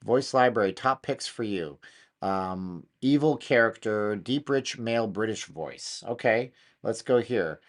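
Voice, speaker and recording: Excitable slangy man hosting a studio chat. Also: on the low side, a little slow. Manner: excitable, slangy, thinking aloud. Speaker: channel host. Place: home studio.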